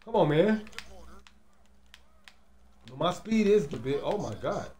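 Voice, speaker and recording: A man giving loose, slangy, excitable commentary over a basketball video game, peppering his talk with casual fillers. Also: a little high, slow pace, roomy sound. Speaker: gaming commentator.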